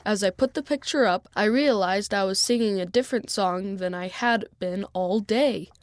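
A woman reads a children's story aloud in first person, clearly and evenly. Her voice sits in a middle pitch, recorded dry and close with no room sound. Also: moderate pace, dry recording. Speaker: storybook reader.

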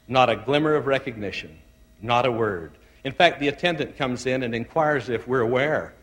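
A man, a bishop, telling a sermon story in a measured, tender, deliberate way. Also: mid-range voice, long reverb tail.

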